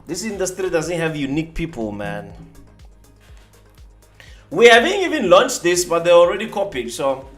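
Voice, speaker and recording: Animated man hosting a trading stream. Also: high voice, moderate pace, long pauses, roomy sound, faint music behind. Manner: animated, boastful, teasing rivals. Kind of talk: live-stream talk demonstrating software.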